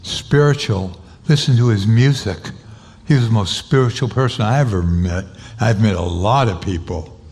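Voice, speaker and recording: Older guy telling a story, acts out the quotes, jumps way up in pitch on them. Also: normal speed, darkish tone. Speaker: interview guest. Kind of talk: storytelling anecdote.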